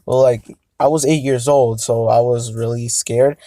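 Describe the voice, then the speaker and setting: A man's voice: mid-range voice, steady tone, a little slow, mellow, dry recording. A young man telling a casual storytime, rambling and hesitant with many fillers. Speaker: vlogger.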